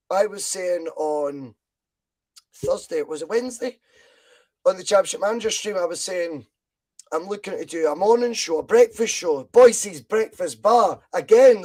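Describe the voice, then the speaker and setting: A man hosting a casual fan podcast, loud and animated as he reads out viewer comments. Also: high voice, rough recording. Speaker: podcast host.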